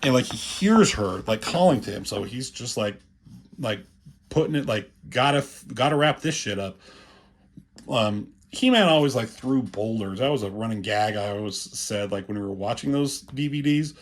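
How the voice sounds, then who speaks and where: A man giving casual, rambling commentary on comic pages, profane and full of filler words, with a husky voice. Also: fairly low pitch, lively intonation, moderate pace.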